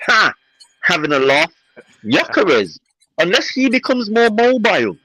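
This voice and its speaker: Fiery male co-host, mocking and repetitive, tense husky tone, somewhat high. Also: big pitch swings, moderate pace, pushed and bright, no room sound, rough recording. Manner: fiery, repeats himself, mocking. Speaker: podcast co-host. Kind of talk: heated football banter.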